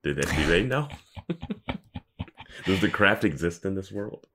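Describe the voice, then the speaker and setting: A man's voice: low-pitched, lively intonation, unhurried, pushed and bright, slightly rough. A young man co-hosting a podcast, chatting casually and reacting with frequent laughs. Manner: laughs often, enthusiastic reactions. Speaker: podcast co-host. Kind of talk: casual recap chat.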